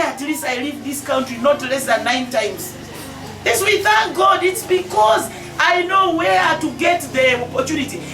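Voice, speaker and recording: A high-pitched Ugandan woman in her forties exhorting a crowd, her voice loud and animated with laughter. She is caught from a distance in an echoey space, with noise around her. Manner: emphatic, exhorting, often raising her voice with laughter. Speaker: member of parliament. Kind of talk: public speech to a crowd.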